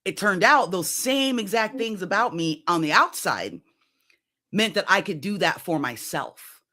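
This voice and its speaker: Woman in her 50s, coach guest, bright forceful voice, chatty storytelling, lots of "right?". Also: mid-range voice, unhurried. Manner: lively, conversational, keeps checking in with "right?". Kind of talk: personal story in an interview.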